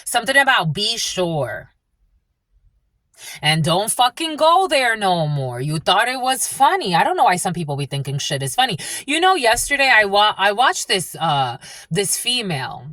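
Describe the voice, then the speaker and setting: Woman, spiritual reader, rambling and profane, bright tone, dry recording. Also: mid-range voice, big pitch swings, normal speed, dry recording. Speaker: spiritual channeler and tarot reader. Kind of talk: casual intuitive reading monologue.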